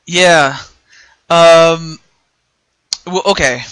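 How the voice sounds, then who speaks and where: A man's voice: fairly high pitch, fairly even intonation, extremely slow, a bit bright, clear, resonant tone, no echo. An American man hosting a casual interview, talking hesitantly with many fillers and restarts. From United States. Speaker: interview host.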